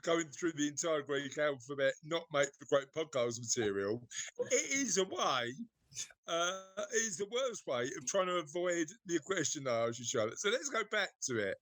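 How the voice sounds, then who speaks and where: English guy hosting a podcast, bright voice, bouncy pitch, teasing his mates, dry room. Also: big pitch swings, normal speed, no echo. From Britain. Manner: teasing, bantering, laughs often. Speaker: podcast host. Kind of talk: casual chat.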